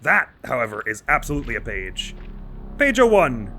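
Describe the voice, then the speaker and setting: Bright-voiced man rambling through horror gameplay. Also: medium pitch, wildly swooping pitch, moderate pace, creaky, soft background music. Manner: rambling and self-mocking, jittery with nervous asides. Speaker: gaming channel host. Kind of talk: horror game let's play commentary.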